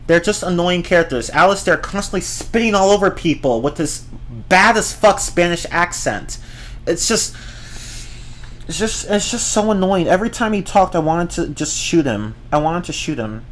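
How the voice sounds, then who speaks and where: A man's voice: high-pitched, animated, moderate pace, fairly bright tone, slight background noise. A man giving a ranting movie review, exasperated and profane, often repeating and restarting his words.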